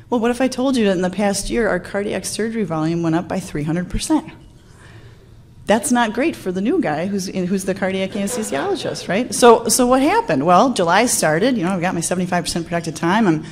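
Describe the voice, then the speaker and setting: A young woman giving a lively conference talk to an audience, acting out what colleagues said to her. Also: mid-range voice, fairly quick. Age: young adult. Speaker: conference speaker.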